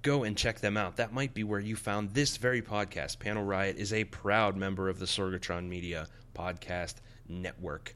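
A man hosting a podcast, reviewing a comic in a playful, excitable casual way. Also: low voice, moderate pace, hardly any pauses. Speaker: podcast host.

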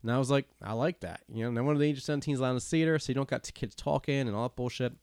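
A man holds forth on a podcast, profane and animated, breaking into laughs as he rants. His voice sits at an ordinary middle pitch. The sound is dry and close, with no room around it. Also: racing, dry recording. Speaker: podcast co-host. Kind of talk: casual podcast banter.

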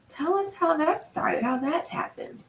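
A woman's voice: very high-pitched, a little slow. A woman hosting an interview, chatting enthusiastically and asking her guest questions. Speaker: podcast host. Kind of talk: casual interview chat. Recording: roomy, distant mic with faint noise.

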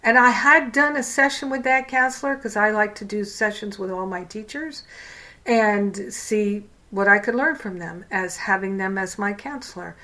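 A woman's voice: medium pitch, bright, forceful tone. A woman teaching a counseling class in a frank, conversational way, telling stories from her own training. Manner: candid, storytelling, frank. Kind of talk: casual class lecture.

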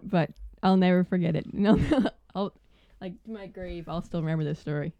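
A young woman telling a work story casually on a podcast, animated and full of "like" fillers. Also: lowish voice, normal speed, no room sound, muffled recording.

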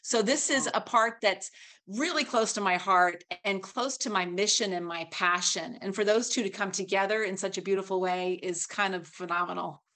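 A woman's voice: mid-range voice, moderate pace, sharp tone. Earnest storytelling woman guest. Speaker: guest actress. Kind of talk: casual interview talk.

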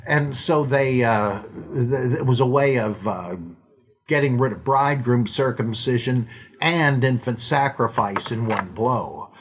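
A man hosting a podcast, talking off the cuff in a slow, rambling way, full of fillers and restarts, now and then acting out quoted lines in playful voices. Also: medium pitch, breathy edge. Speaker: podcast host answering listener questions. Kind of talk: unscripted monologue.

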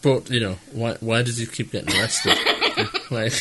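A man's voice: mid-range voice, measured pace, heavy background noise. A man co-hosting a podcast, laughing often and swearing casually as he talks about a film. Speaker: podcast co-host. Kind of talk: casual film-review chat.

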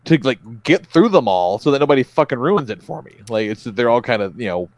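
A man's voice: mid-range voice, very animated, brisk, no echo. A man hosting a podcast, chatting casually in a rambling way and swearing freely. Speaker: podcast host. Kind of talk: casual chat.

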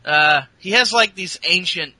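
A man recapping in casual chat, rambling with lots of fillers and crude humor. His voice is very bright and cutting. The sound is dry and close, with no room around it. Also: high-pitched, measured pace, no room sound, low-quality recording. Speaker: podcast host.

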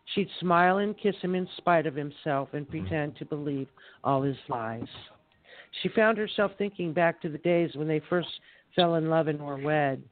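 A man reading his rhyming poem aloud in a measured recital on a live poetry show. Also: fairly high pitch. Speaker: poet reading on air. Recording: tinny phone line.

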